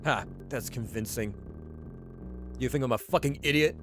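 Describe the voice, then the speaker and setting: A man's voice: mid-range voice, normal speed, noisy background, lightly acted. Man as a violent male convict, foul-mouthed, aggressive threats. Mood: hostile, threatening. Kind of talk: voiced game reading.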